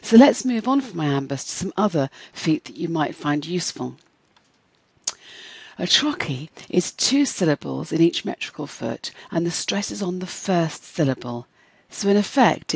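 An adult literature lecturer talks through a scripted lesson with a slightly breathy, husky voice. The delivery is measured and clear, stretching out syllables to make each stress pattern easy to hear. The sound is close and dry. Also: mid-range voice, a little mellow, dry recording, poor audio. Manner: clear, measured teaching tone, slowing to stress each beat when demonstrating rhythm.

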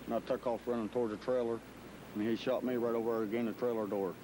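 A man's voice: medium pitch, little pitch movement, fast talker, noisy background. A man with an Appalachian accent giving a plain, matter-of-fact account. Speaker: interviewee. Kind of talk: plain first-person account.

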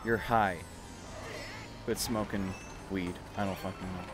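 A man's voice: low voice, steady tone, a little slow, over loud music. A young adult man streaming, chatting casually while gaming, rambling with lots of fillers and swearing freely.

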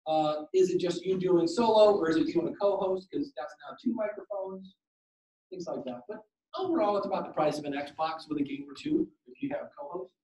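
A man giving a podcasting workshop to a live audience, animated and jokey, acting out quoted exchanges. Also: sits high, brisk, highs cut off. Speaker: workshop presenter. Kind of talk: conference talk with slides and Q and A. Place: conference room. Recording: roomy, distant room mic.

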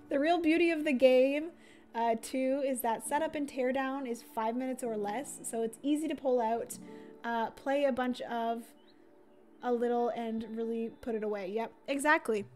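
A woman's voice: high voice, normal speed, a little mellow, soft background music. A young woman chatting casually on a livestream, explaining a solo board game at her table, with lots of fillers and asides. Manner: chatty, filler-heavy, reads and answers chat.

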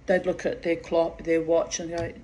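A woman's voice: low voice, little pitch movement, normal speed, darkish tone. A woman telling a personal story in a casual way, laughing often and swearing freely.

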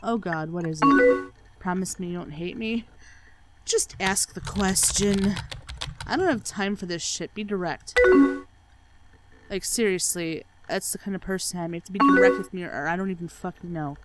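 A woman's voice: lowish voice, moderate pace, loud music behind the voice, rough recording. A woman doing game playthrough commentary, sarcastic and swearing freely as she reads the on-screen chat aloud. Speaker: let's play gamer.

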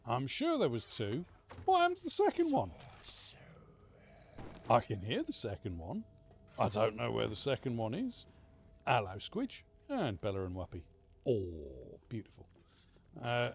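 A man's voice: mid-range voice, a little hiss or hum. A man streaming a game live, chatting, swearing and humming silly ditties to himself as he plays. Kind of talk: live gameplay commentary.

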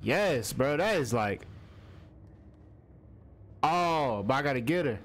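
Jumpy animated young gaming streamer. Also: male voice, medium pitch, slow pace. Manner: animated and jumpy, talking to the game character, slangy. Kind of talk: horror game playthrough commentary.

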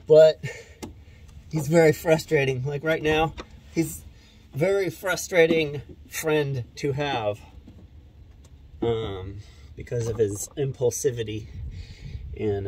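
A man's voice: mid-range voice, a little mellow, a little hiss or hum. A man casually recounting a conversation with a friend, rambling with many fillers. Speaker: commentator. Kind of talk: casual storytelling monologue.

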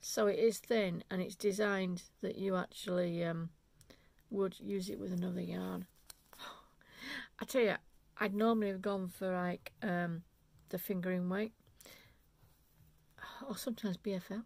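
A woman's voice: mid-range voice, fairly even intonation, measured pace, vocal fry, pauses often, darkish tone, no room sound. A woman, chatting enthusiastically and rambling as she shows off yarn in an unscripted knitting vlog. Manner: enthusiastic, rambling, self-interrupting. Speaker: knitting vlogger.

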